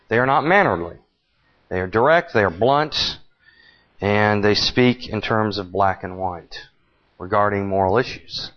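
Slow, deliberate male Bible preacher. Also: fairly low pitch. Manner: slow and deliberate, with frequent uh pauses. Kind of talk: Bible teaching sermon. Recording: dull lo-fi recording.

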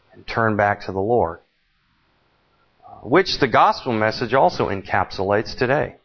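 Male preacher teaching scripture, unhurried and halting, dull old recording. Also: medium pitch. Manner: slow and deliberate, with frequent uh pauses. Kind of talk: Bible teaching sermon.

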